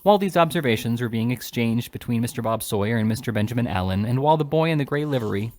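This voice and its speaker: A man reading a classic novel aloud in an expressive storytelling manner. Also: medium pitch, quick pace. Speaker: audiobook reader.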